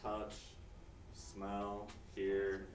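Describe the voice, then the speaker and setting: A man teaching a live class, heard from across an echoey classroom with faint noise. He drills new words by call and response and repeats his prompts, peppering his talk with "okay." His voice sits at an ordinary pitch. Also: completely flat delivery, very slow, far from the mic.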